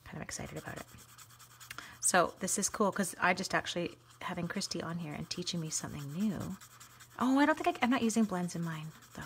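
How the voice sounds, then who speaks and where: A woman hosting a live craft stream, chatting to viewers as she colors, quick to gush and laugh. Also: on the low side, a little hiss or hum. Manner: chatty, excitable, talks to viewers while coloring.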